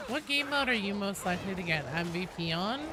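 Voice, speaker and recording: A woman's voice: mid-range voice, fairly quick. A young woman streaming a game, chatting casually with her chat, answering viewers and swearing now and then. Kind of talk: casual live-stream chat while gaming. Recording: steady background noise behind voice.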